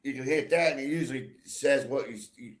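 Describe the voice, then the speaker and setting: A man's voice: mid-range voice, fairly quick. Male stream host, casual chat, short agreeable responses. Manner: brief, agreeable replies.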